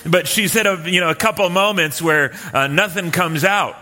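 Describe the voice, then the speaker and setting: A man preaching a sermon in a relaxed, storytelling way, with many fillers and restarts. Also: sits high, moderate pace, big-room sound. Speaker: pastor. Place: church hall with live and online audience.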